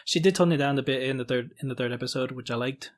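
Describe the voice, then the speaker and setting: A man's voice: mid-range voice, quick pace. A man in casual chat as a podcast co-host, rambling with lots of fillers and some swearing. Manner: rambling, many fillers, swears when telling a story.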